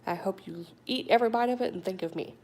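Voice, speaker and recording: A middle-aged woman chatting casually on a phone livestream, reading viewer comments aloud with animated talk and whispered asides. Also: mid-range voice, fast. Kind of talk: casual live chat. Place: home in a warm state.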